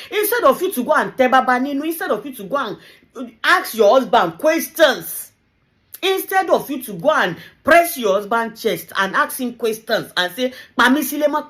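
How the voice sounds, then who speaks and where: A woman with a Nigerian accent giving animated, teasing commentary as a vlogger, dropping in Yoruba phrases and laughing often. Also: on the high side. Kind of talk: casual commentary to camera.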